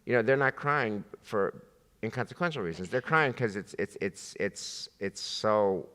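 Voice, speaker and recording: Lively teacher in an echoing hall. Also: male voice, fairly low pitch, unhurried. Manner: lively, acts out voices while teaching. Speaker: rabbi teaching a class. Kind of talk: animated class discussion. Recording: reverberant hall.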